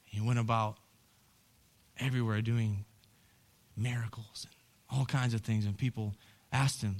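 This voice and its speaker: A man preaching a sermon as pastor, moving from hushed, low storytelling to loud, rising calls. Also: fairly even intonation, a little slow, pauses often.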